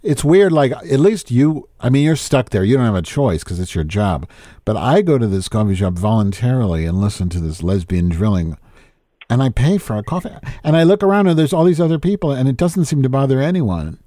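A man's voice: mid-range voice, sing-song, brisk, dark tone, dry recording, clean studio sound. A man hosting a podcast, rambling and griping with lots of swearing, then chatting with a caller. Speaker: podcast host. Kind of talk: casual rambling monologue and phone chat.

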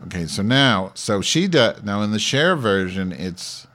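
With a lowish, sing-song voice and an unhurried pace, a man on the radio crafts a crude song parody as a comedy bit. He mutters to himself, then belts out lines, alternating between the two in a self-deprecating way as he sings the lyrics.

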